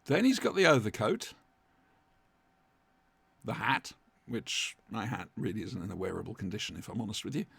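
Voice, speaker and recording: A man's voice: lowish voice, sing-song, moderate pace, vocal fry, long pauses, fairly bright tone, slightly rough, dry recording. A man with a chatty, wry manner, co-hosting a casual watch-along commentary from home. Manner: chatty, wry, fond asides. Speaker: podcast co-host watching along. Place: home room, dry sound.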